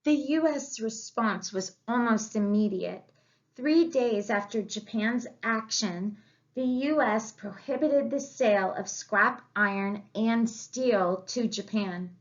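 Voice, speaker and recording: A woman narrates a history lesson in a calm, unhurried lecture style. Her voice sits a little on the high side, and she lingers over her words. The recording sounds muffled and lo-fi. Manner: slow and deliberate, with quoted asides. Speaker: history teacher. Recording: dull lo-fi recording.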